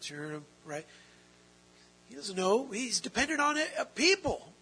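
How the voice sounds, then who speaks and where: Husky, bright-voiced male preacher. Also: extremely high pitch, very animated, a little slow, low-quality recording. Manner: dramatic swings between quiet and loud. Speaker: pastor. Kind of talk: sermon.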